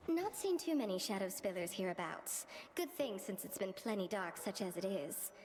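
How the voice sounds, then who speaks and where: A woman's voice: mid-range voice, lively intonation, moderate pace, music in the background, natural voice. A woman doing a wry, folksy ghostly shade.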